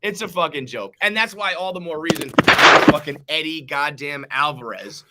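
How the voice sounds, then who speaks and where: A man's voice: a little high, moderate pace, heavy background noise. A man co-hosting a sports podcast, talking casually and ranting with lots of swearing. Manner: profane, heated ranting. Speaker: podcast co-host.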